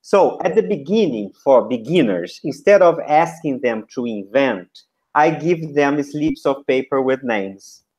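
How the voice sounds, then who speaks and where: A man giving feedback to a trainee teacher, modeling classroom instructions in short, deliberate chunks. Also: medium pitch, animated, a little mellow.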